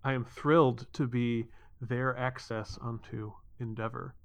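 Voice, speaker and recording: A man's voice: mid-range voice, level tone, unhurried, close to an everyday voice. A man voicing an eager, chatty male hologram journalist who stumbles over his restarts.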